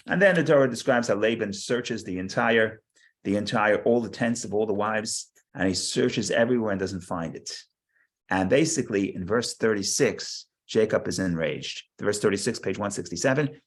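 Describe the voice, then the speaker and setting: A man teaching a Torah study class, reading verses aloud and explaining them with frequent restarts and repeated words. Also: fairly low pitch.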